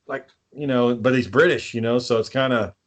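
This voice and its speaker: A man's voice: mid-range voice, a little fast. Male podcast co-host, loose profane storyteller, ordinary mid-range voice. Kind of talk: casual chat.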